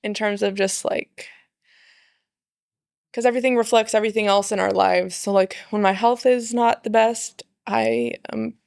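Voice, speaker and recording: A woman talks casually as a podcast guest, with some gravel and fry in her voice. She is playful and acts out her own thoughts in little voices. The sound is dry and close to the mic. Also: mid-range voice, lively intonation, normal speed, a little mellow, no echo. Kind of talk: casual chat.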